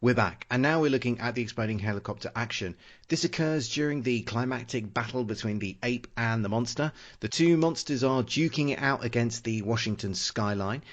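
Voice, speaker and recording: A man of middle pitch hosts a laid-back film-review podcast. He reads his setup cleanly, then pauses and restarts often, dropping in plenty of fillers as he thinks aloud. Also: muffled recording. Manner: halting, full of "uh" and restarts when speaking off the cuff. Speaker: podcast host. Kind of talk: casual film-review chat.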